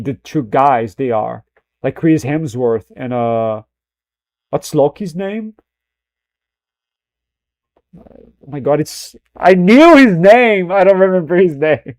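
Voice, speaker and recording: Mellow-voiced man rambling while reacting. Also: on the high side, no echo, clean studio sound. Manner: swears freely, rambling, laughs at himself. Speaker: streamer reacting to a film clip. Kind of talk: casual reaction commentary.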